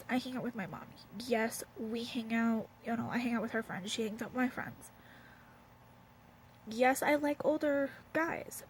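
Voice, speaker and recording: A woman's voice: on the high side, a little hiss or hum, rough recording. A young woman with a Southern US accent, venting bluntly to camera at home, rambling with lots of fillers. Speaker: vlogger. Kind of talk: candid casual rant to camera. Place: at home, wrapped in a blanket.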